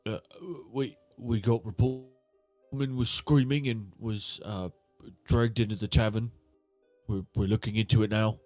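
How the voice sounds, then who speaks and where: A jittery male city guard who stammers and hesitates, played by a man. His voice sits low and sounds dry and close, with faint music behind. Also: fairly even intonation, measured pace, darkish tone, dry recording, natural voice. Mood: nervous.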